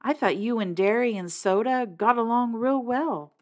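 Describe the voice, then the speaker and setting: A woman voicing a quiet, gentle teenage boy in an audiobook reading, soft-spoken. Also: on the high side, moderate pace, pitched above the performer's own voice, close to an everyday voice. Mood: bleak.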